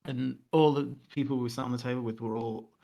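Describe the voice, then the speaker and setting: A young man in the middle of a rambling anecdote, his voice pitched at an ordinary middle height. He lapses into fillers and flips into high, mocking impressions of the people he quotes. The tone stays loose and conversational, like podcast chat among friends. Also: fairly even intonation, brisk, vocal fry, warm tone. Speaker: podcast co-host. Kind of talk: casual storytelling chat.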